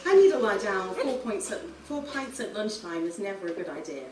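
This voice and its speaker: A woman's voice: mid-range voice, expressive, brisk, a little hiss or hum, close to an everyday voice. A woman voicing a cheeky teenage brother in a casual, offhand way. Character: cheeky teenage boy, laid-back brother. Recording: roomy room, distant mic.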